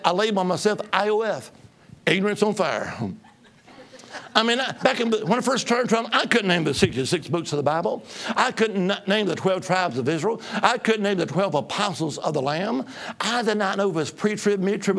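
A middle-aged man preaching, telling stories with humor and call-and-response, swinging between loud bursts and hushed asides. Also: high-pitched. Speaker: traveling preacher. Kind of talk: humorous storytelling sermon.

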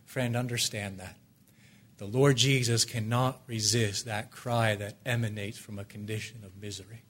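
A man preaching a sermon, swinging from loud, ringing declarations down to hushed, pleading near-whispers. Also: fairly low pitch, steady tone, normal speed.

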